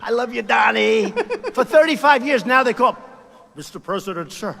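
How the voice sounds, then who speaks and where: A man putting on a comic impression of a boastful, rambling older male politician who shouts and brags. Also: extremely high pitch, expressive, normal speed, creaky, slight background noise, pitched above the performer's own voice, exaggerated voice. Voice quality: shouty, rambling, self-praising.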